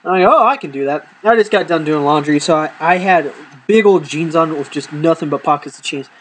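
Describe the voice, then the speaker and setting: A man's voice: fairly high pitch, a little fast, slight background noise, rough recording. A man telling rambling, profane comic stories from his life and acting out the dialogue. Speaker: comedy storyteller. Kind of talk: casual comedic storytelling.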